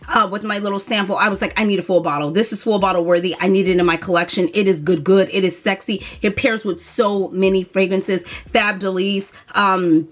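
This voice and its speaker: A woman's voice: mid-range voice, fairly bright tone. A woman talking casually to camera as a fragrance vlogger, chatty and dramatic, with playful asides.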